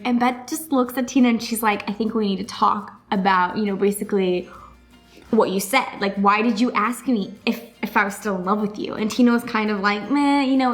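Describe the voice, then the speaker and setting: A woman's voice: a little high, a bit bright. A young woman hosting a casual reaction recap, gushing and rambling with lots of fillers. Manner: gushing, rapid, full of fillers like "like" and "you know". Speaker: YouTube reaction host.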